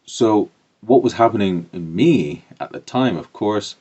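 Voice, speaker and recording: Deep-voiced male coach, lively storyteller, muffled lo-fi sound. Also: a little slow, breathy edge. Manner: lively, expressive storytelling with loud swells. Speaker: business coach. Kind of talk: personal storytelling to camera. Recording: dull lo-fi recording.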